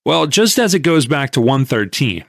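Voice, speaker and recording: A man reading a first-person audiobook in a measured, plain-spoken storytelling way. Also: medium pitch, big pitch swings, vocal fry, no room sound, studio quality. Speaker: audiobook narrator.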